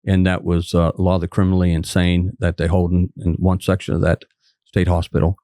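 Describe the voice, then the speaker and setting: A man's voice: low-pitched, monotone, brisk, warm tone, dry recording, studio quality. An older man from West Virginia, a former trooper turned physician, telling folksy stories as a guest and acting out the quotes. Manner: folksy anecdote teller, acts out quotes. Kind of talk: casual storytelling interview.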